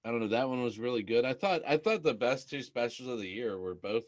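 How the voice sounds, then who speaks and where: A man's voice: mid-range voice, expressive, fast, dry recording. A man co-hosting a podcast in casual chat, easygoing and enthusiastic. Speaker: podcast co-host.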